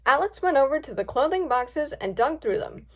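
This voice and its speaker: High, lively woman reading a story. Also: normal speed. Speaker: story reader. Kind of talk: storybook read-aloud.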